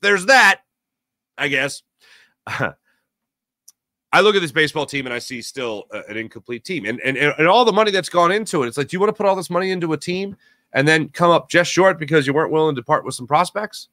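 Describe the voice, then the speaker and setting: A man hosting a live morning sports talk show, giving opinionated, rambling takes with sudden animated bursts. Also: on the high side, quick pace, no room sound, clean studio sound. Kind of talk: solo sports radio monologue.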